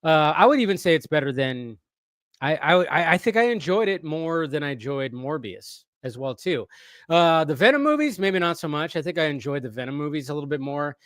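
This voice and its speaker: A man's voice: fairly high pitch, lively intonation, fairly quick, a bit bright, no room sound, studio quality. A man hosting a casual movie-news live stream, rambling, restarting his sentences and reading viewers' messages aloud. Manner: rambling, restarts often, reads chat aloud.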